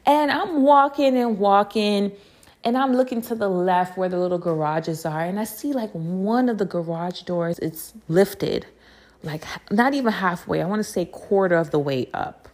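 A young woman hosting a podcast, telling a story in a casual, animated way, cursing freely and laughing between lines. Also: medium pitch, normal speed. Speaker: podcast host.

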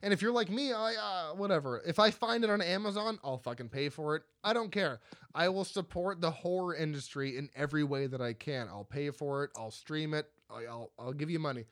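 A man in his thirties hosting a casual podcast from home. He is excitable, swears a lot and breaks into loud bursts and laughter. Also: on the high side, a little fast, dry recording, clean studio sound. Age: 30s. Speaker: podcast host. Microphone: studio microphone.

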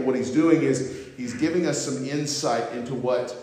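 A pastor preaching a sermon, moving from quiet reflection to loud, fervent emphasis with many repetitions. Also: male voice, mid-range voice, moderate pace. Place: church sanctuary. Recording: roomy church hall reverb.

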